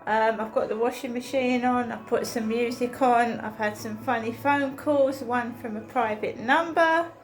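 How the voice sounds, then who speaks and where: A vlogger walking her dog chats casually to her channel, telling a story in a chatty, incredulous way. Her voice is on the high side and steady, and she speaks unhurriedly with hardly any pauses.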